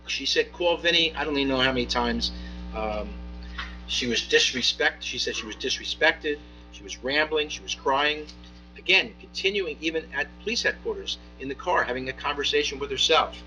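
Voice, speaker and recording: A man, a municipal judge, speaking from the bench in a courtroom, giving a measured ruling with frequent pauses, fillers and restarts. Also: medium pitch, sharp tone, faint music behind, poor audio.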